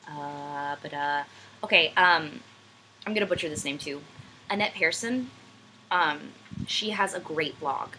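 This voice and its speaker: Young woman vlogger, low-ish voice, rambly and self-deprecating, faint room noise. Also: measured pace, bright, forceful tone, rough recording. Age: young adult. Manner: rambling, self-deprecating, hesitant with many ums. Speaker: vlogger answering viewer questions. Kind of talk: casual chat. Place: room at home, backlit.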